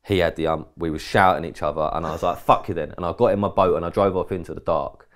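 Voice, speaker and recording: A man from England talks in a very deep, low-pitched voice. He rambles through a casual podcast story, jumping into quoted dialogue and swearing now and then. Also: fairly even intonation, quick pace. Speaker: podcast co-host.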